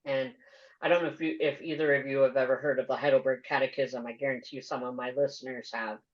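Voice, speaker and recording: Woman, podcast host, very low voice, earnest and measured, muffled lo-fi audio. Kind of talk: interview questions and commentary. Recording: dull lo-fi audio.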